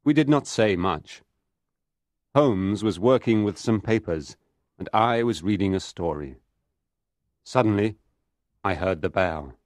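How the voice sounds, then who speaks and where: A man reading a story aloud for English learners, slow, clear and steady. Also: on the low side, no echo, clean studio sound. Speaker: narrator.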